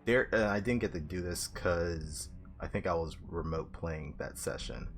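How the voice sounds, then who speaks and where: A man's voice: deep voice, moderate pace, faint music behind. A man playing a tabletop game, casually rambling through his character's plans. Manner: rambling, casual, many fillers. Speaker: player.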